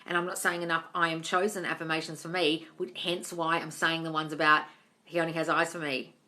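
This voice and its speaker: Woman, live-stream coach, bright tone, lowish pitch, direct chatty manner. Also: flat delivery, brisk. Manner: direct, chatty, reads out viewer comments and answers. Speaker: manifesting coach answering live chat.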